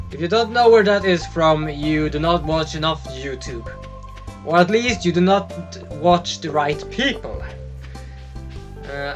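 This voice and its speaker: A man streaming a farming game, chatting casually, playful and excitable, swearing now and then. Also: fairly high pitch. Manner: playful, excitable, swears, jumps into silly voices. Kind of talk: casual gaming commentary.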